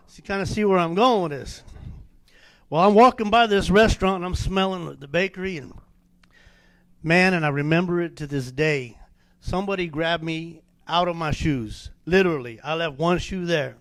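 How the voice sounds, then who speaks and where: A man giving an animated personal testimony at a church men's meeting, with many fillers and restarts. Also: a little high, normal speed, no room sound. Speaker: testimony speaker.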